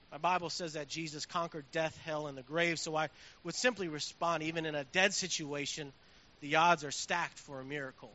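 A male pastor preaches in a relaxed, conversational way that swells into strong emphasis. His voice is bright and fairly high. The recording sounds dull, with a faint hiss behind it. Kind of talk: sermon.

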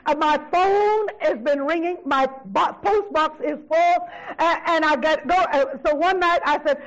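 An older woman preaching a fervent sermon, swinging from shouted, drawn-out praise to low, quiet asides and repeating exclamations of praise. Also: lo-fi sound.

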